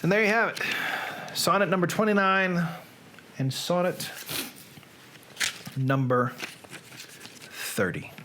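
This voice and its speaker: A man with a Southern accent hosting a live stream, chatting casually with viewers and reading poetry aloud slowly and theatrically with long pauses. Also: sits high, expressive, sharp tone, slight background noise. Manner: chatty, self-deprecating asides to viewers.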